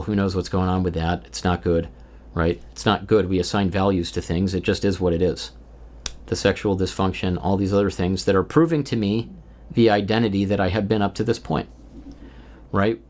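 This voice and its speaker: A man in his thirties talks alone in a loose stream-of-consciousness vlog. His voice sits on the low side, and he rambles candidly with plenty of swearing and filler words. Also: steady tone, a little fast, a little mellow. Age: 30s. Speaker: vlogger. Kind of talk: unscripted stream-of-consciousness monologue. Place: indoors, recording alone.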